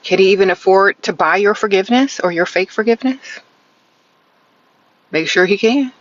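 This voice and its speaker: A woman's voice: medium pitch, normal speed, no room sound. Woman, sassy, teasing, blunt live-stream advice, inside a car, phone mic, muffled lo-fi sound. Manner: sassy, blunt, tagging lines with "okay?"; sarcastic, teasing catchphrase "sprinkle, sprinkle". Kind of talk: live-stream dating advice, answering comments. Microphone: phone held close.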